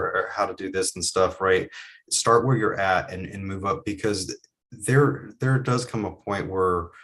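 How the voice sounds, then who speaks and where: Very low-voiced man, relaxed. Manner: relaxed, filler-heavy, restarts often. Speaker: co-host. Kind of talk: casual chat.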